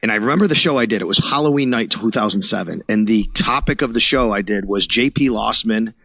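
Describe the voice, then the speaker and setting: A man's voice: on the low side, fast talker, creaky, pushed and bright, dry recording. A man from Buffalo, New York, a sports reporter who is a podcast guest, telling his story animatedly and acting out quoted dialogue. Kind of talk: casual storytelling interview.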